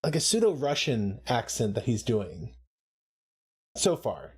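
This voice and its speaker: A man's voice: medium pitch, sing-song, measured pace, slightly rough. A man co-hosting a live watch-along, chatting casually, laughing often and making playful asides. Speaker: co-host of a show watch-along.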